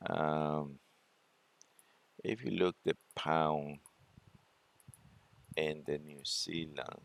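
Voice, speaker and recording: A man presenting a forex trading walkthrough, talking it through unhurriedly with many fillers and pauses. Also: rumbling low, fairly even intonation, vocal fry. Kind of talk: screen-share trading walkthrough.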